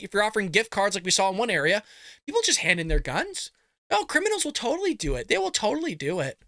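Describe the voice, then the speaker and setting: A male show host with a high, very bright and forceful voice, tearing into the news with sarcasm and chuckles. His sound is close and dry, with no room around it. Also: dry recording. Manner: sarcastic, animated, laughs at his own jabs. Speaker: political commentary show host. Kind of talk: opinionated commentary reacting to news.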